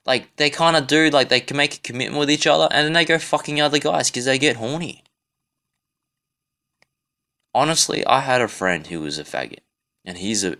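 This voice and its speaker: A man rants in a casual, self-recorded monologue, rambling and profane, with frequent restarts. His mid-range voice is bright and forceful, captured on a self-recording device.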